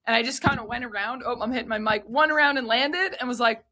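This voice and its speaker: Bright-voiced woman in casual podcast chat. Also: fairly high pitch, fast talker, a little hiss or hum. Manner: animated storyteller, many "like" fillers. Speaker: podcast co-host, gymnastics coach.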